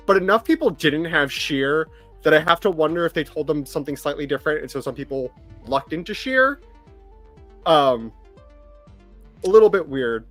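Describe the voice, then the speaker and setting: A man's voice: on the high side, fairly bright tone. A man co-hosting a podcast in casual chat, enthusiastic and emphatic. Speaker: podcast co-host.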